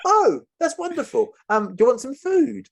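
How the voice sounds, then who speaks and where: A man putting on a shrill, delighted jungle captor. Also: sing-song, moderate pace, vocal fry, slight background noise, full character voice.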